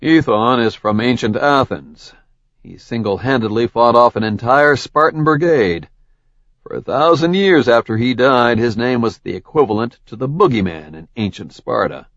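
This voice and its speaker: A man voicing a calm, authoritative immortal leader in an audiobook, with dry humor. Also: mid-range voice, moderate pace, dry recording, highs cut off. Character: commanding ancient immortal leader, dry and stern.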